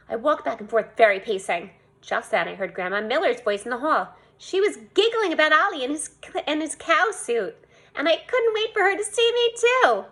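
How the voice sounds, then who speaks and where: A woman reading a children's storybook aloud in an animated way. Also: sits high, normal speed. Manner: animated, voicing a young girl narrator. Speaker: reader.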